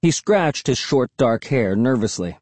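A man narrating a first-person audiobook in a measured, even storytelling manner. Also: mid-range voice, breathy edge, no echo.

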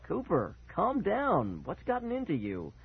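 Man as a calm patient dad, low steady delivery, husky, tinny lo-fi sound. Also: measured pace, exaggerated voice. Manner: low, calm, even-tempered. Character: calm, patient middle-aged father. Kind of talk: audiobook character voice.

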